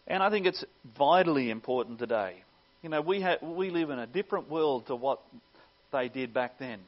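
A male pastor preaching a sermon earnestly, swelling louder on key phrases and dropping low at their ends. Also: expressive, moderate pace, highs cut off.

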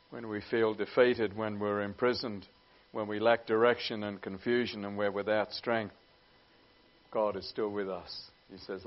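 A man preaching a sermon in an earnest way, often pausing with "uh" as he goes. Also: on the low side. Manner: earnest, with many "uh" pauses. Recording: dull lo-fi recording.

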